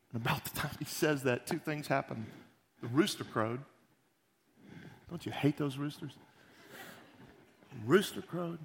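A pastor giving a sermon, retelling scripture in a folksy, animated way with joking asides. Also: male voice, fairly high pitch, normal speed, long pauses.

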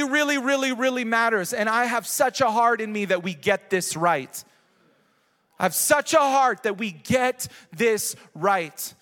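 Middle-aged male pastor, very high voice, earnest repetitive sermon delivery, long hall reverb. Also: a bit bright. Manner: earnest, repetitive, urging the congregation. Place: large church hall.

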